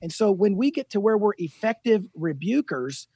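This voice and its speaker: A man in his fifties, a guest author, telling animated, self-deprecating stories in a casual interview. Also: high-pitched, normal speed, husky, no room sound.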